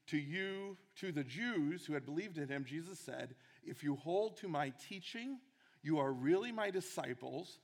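A man's voice: fairly high pitch, a bit bright, in a large hall. A man preaching a sermon, earnest and emphatic, repeating key phrases for weight.

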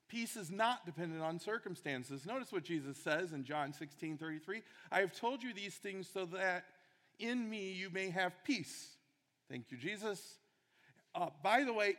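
Earnest high-voiced man preaching in a hall. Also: lively intonation, unhurried, fairly bright tone. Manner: earnest, emphatic preaching with repetition. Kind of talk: sermon.

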